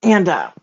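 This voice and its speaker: A woman's voice: lowish voice, vocal fry, darkish tone, husky, muffled recording. An older woman, an author hosting a casual livestream, chatting and laughing often while she coos at a baby.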